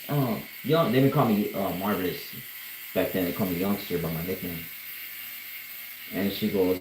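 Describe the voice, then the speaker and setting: A man's voice: low voice, animated, normal speed, long pauses, darkish tone, reverberant, slight background noise, rough recording. A man who is a tattoo artist, telling stories on a livestream in a laid-back, slangy, swearing way. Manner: laid-back, slangy, swearing, laughing at his own story. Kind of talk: casual livestream storytelling. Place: tattoo studio during a live session.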